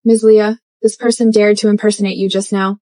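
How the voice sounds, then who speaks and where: An actress playing a rude, snobbish young shop clerk, contemptuous and fawning, in an English drama dub. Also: female voice, medium pitch, level tone, fairly quick, dark tone, no room sound, natural voice.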